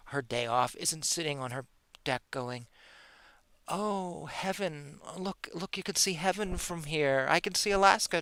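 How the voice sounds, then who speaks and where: A man talking alone into a computer mic on his own spirituality podcast, sarcastic and exasperated. His voice is bright and smooth, and it sounds dry and close, with no room sound around it. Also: mid-range voice, no room sound. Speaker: podcast host. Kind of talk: solo commentary podcast. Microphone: webcam or computer mic.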